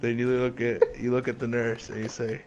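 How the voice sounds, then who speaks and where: A young man telling a comic story in an animated, laughing way, with background noise. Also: medium pitch, moderate pace, dull audio.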